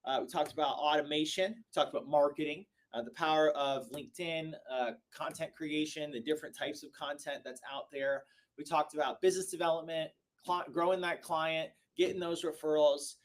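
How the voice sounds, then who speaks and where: A man in his thirties hosting a live show, giving an excitable, high-energy motivational sales talk that swings between loud bursts and low, slow stretches. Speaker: host.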